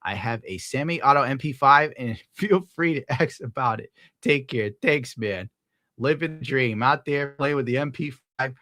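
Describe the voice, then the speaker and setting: A young man livestreams casually, reading viewer tips and ranting profanely as he gets worked up. He has a medium-pitched, sharp voice at normal speed, captured in a dry, clean studio recording.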